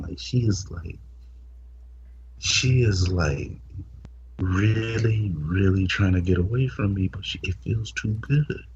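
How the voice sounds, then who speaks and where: A man's voice: fairly low pitch, darkish tone, highs cut off, a little hiss or hum. A man hosting a podcast, telling a blunt, explicit story in casual talk and stammering over repeated words. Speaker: podcast host.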